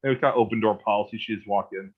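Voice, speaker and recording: Racing through a personal ghost story, a man in his thirties speaks in a slightly rough, low-leaning voice with a steady tone over phone-quality audio. It's casual and rambling, full of restarts, repeated words, and "like."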